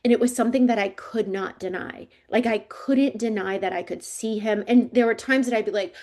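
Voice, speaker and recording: A woman in her forties telling her life story as a psychic coach in an interview, casual and chatty, slipping into lively voices when quoting others. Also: a little high, brisk. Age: 40s.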